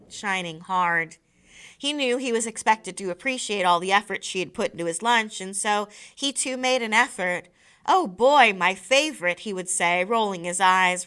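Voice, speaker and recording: A woman, a teacher, reading a novel aloud expressively, slowing down on key phrases. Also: mid-range voice, sharp tone, clean tone. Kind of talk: expressive read-aloud narration.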